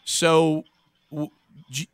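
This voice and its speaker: A man hosting a podcast interview, halting and repeating himself, with a joking manner. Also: a little high, little pitch movement, clear, resonant tone, no room sound, clean studio sound. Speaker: podcast host. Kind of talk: casual interview conversation.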